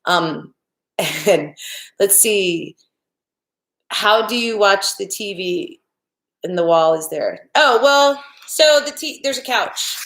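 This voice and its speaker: Older lady rambling on a craft livestream, mid pitch, roomy living room echo. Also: lively intonation, slow pace, gravelly, long pauses, a bit bright. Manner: chatty and rambling, with frequent restarts and fillers. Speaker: YouTube crafting channel host. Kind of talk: casual livestream chat reading viewer comments. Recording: echoey room.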